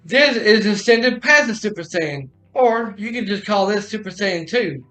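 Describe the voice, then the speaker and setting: A man hosting a podcast live stream, telling a long story in a rambling, excitable way with many restarts. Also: high voice, a little slow. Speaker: podcast host. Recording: roomy echo with faint music.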